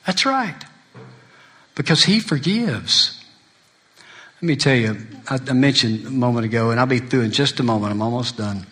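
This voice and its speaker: A man's voice: medium pitch, animated, moderate pace, pauses often, pushed and bright. A middle-aged man preaching a sermon, telling folksy stories and acting out other people's lines. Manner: folksy storytelling preacher, acts out friends' lines. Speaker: pastor.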